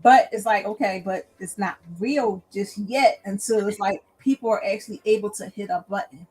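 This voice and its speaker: A woman guest in a casual chat, talking in an animated way and acting out other people's voices. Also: medium pitch, normal speed, slightly rough, faint music behind, low-quality recording. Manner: animated, acts out characters' voices. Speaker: guest, author.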